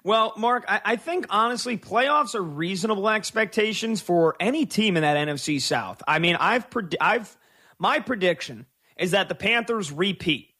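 A man hosting a call-in sports talk radio show, giving strong opinions with drawn-out emphasis on key words. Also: high-pitched, expressive, sharp tone, husky.

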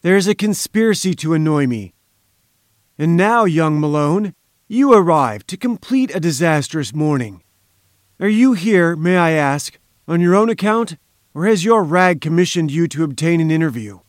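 A man's voice: on the high side, expressive, moderate pace, dry recording, studio quality, voice pushed up, lightly acted. A man voicing an irascible, pompous bearded professor who blusters with haughty indignation in an audiobook. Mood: scornful. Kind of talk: audiobook character voice.

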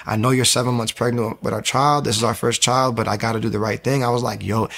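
Gravelly man telling a conversion story. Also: quick pace. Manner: animated, acts out quotes with sudden high pitch jumps. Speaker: guest telling his testimony.

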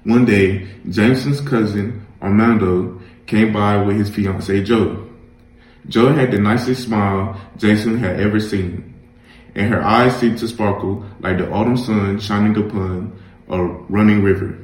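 A man reading a children's picture book aloud in a gentle, measured storytelling manner. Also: lowish voice, roomy sound, rough recording. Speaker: reader.

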